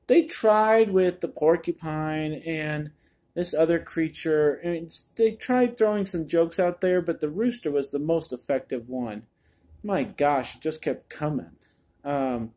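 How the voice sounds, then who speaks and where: A man's voice: a little high, mellow. A man giving a casual spoken movie review, chatty and exasperated, often repeating words as he restarts a thought.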